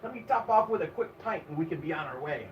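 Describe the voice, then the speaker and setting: A man doing a swaggering noble elf who downs pints and laughs at himself, speaking in a put-on lilting accent with lively, higher swoops. The recording is echoey and tinny, caught from across a noisy room. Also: fast talker, natural voice. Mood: jovial. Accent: put-on Irish-style lilt. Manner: jovial, boastful. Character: boisterous noble male elf adventurer, hard drinker. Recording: echoey, far from mic, phone-like, noisy.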